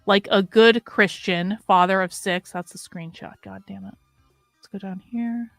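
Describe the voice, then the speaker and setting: A woman's voice: medium pitch, fairly even intonation, measured pace, dry recording, soft background music. A woman on a casual livestream reads posts aloud and mutters asides while she scrolls.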